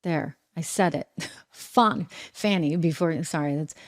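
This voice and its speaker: A woman's voice: low-pitched, slow pace. A woman with a New England accent hosting a talk show, giving opinionated political commentary in a sarcastic, conversational way full of rhetorical questions.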